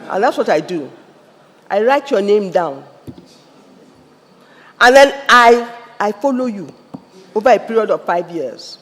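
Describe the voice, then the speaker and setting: A man's voice: high-pitched, a bit bright. A man with a Nigerian English accent giving a fiery motivational address at a conference, firing questions at the audience. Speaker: conference speaker. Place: large event hall. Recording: long hall reverb, faint ambience.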